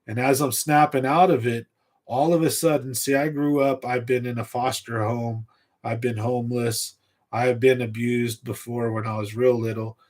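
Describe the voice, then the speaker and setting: A man hosts a casual livestream from a home setup and tells a long, rambling story from his younger days. He gets animated, speeds up, and laughs at his own tale. His voice sits in a middle range. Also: medium pitch, moderate pace. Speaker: fishing channel livestream host.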